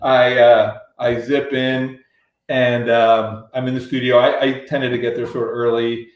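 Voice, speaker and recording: A man's voice: medium pitch, little pitch movement, unhurried, roomy sound, rough recording. A man, a musician, telling a long anecdote in casual chat, restarting and acting out other people's lines. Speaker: musician guest. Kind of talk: casual storytelling on a radio show.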